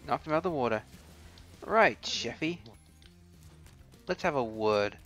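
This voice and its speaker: A man with a mid-range, fairly bright voice speaks slowly and with animation as a let's play host, casually commenting on a video game. He chats to the characters, grumbles now and then, and swears mildly, with game music running underneath.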